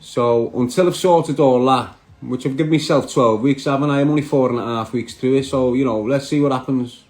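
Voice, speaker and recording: A man's voice: medium pitch, brisk, few pauses, a little mellow. A man, chatting brashly on a live stream and answering viewer comments. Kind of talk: casual live stream chat.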